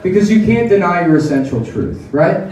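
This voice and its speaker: A man doing a sardonic stand-up set on a club stage, tossing in quick mock voices. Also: high-pitched, lively intonation, darkish tone. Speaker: stand-up comedian. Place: comedy club stage with audience laughing. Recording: echoey live room, heard from a distance, crowd laughter. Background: audience laughter.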